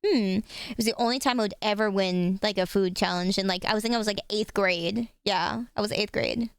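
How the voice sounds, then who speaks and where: A woman's voice: mid-range voice, fairly quick, vocal fry, clear, resonant tone, no room sound. A young woman streaming live, chatting casually with her viewers and swearing freely. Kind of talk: casual chat with chat.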